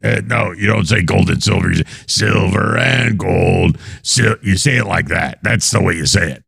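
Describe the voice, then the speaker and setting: Man, comedy show host, very deep, gravelly, husky, mocking, dry close sound. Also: fairly quick, a bit bright, no room sound. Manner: mocking, with big exaggerated pitch swings. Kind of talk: comedic talk-show commentary.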